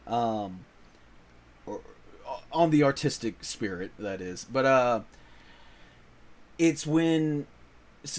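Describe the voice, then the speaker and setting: A man talking loosely and animatedly as a channel host, his voice sitting in an ordinary middle pitch. He rambles with plenty of fillers and self-corrections, laughing often. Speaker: voice-over actor and comics channel host. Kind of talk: casual rambling chat.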